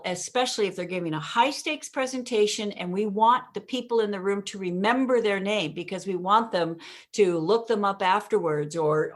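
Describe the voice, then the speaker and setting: Female communication coach, podcast guest, emphatic pause-and-punch delivery. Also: mid-range voice. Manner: often addresses the host by name. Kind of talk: podcast interview, coaching explanation.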